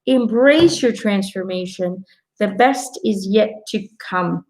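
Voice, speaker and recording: Speaking slowly at a medium pitch, a middle-aged intuitive card reader runs a live angel card reading on a low-quality recording. Her tone is casual and comforting as she addresses viewers directly, with animated stories full of quoted asides.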